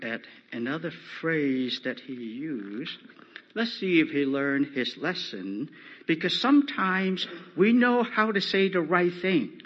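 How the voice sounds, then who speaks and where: Husky male preacher, unhurried emphatic delivery, dull lo-fi recording. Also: on the high side. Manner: slow, emphatic, rising loud on quoted scripture. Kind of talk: sermon.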